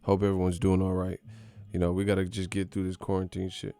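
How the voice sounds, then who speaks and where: A man hosting a boxing channel, talking casually and excitably at home, profane and quick to laugh. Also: sits low, clear, resonant tone, soft background music. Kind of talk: casual commentary.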